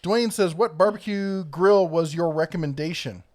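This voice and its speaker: A man with a stuffy, congested voice hosts a live tool show. His voice sits somewhat high for a man. He talks in an easygoing, unscripted way, reading out questions and answering them off the cuff. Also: normal speed. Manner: relaxed, reading viewer comments and giving advice. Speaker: YouTube tool channel host. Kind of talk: casual live-stream chat.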